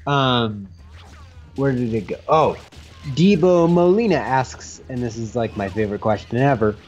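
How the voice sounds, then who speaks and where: A man's voice: medium pitch, measured pace, muffled recording, soft background music. A man co-hosting a casual gaming show, teasing his co-host and reading out viewer questions. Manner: animated, teasing. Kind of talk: casual podcast chat while playing games.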